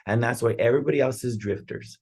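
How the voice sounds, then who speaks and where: A man's voice: medium pitch, fast talker, vocal fry, a little mellow, breathy edge. A man giving casual, earnest motivational talk on a podcast, rambling and often checking in with "right?". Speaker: podcast speaker on real estate and personal growth.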